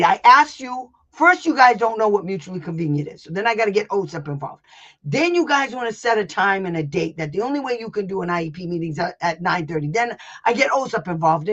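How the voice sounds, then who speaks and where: In a loose online session, a brash, no-nonsense advocate coaches parents, swearing freely, laughing often and acting out both sides of a school meeting. Her mid-range voice is expressive, a little fast and fairly bright, heard through a slightly dull, lo-fi recording. She's blunt and emphatic, hammering points home by repetition.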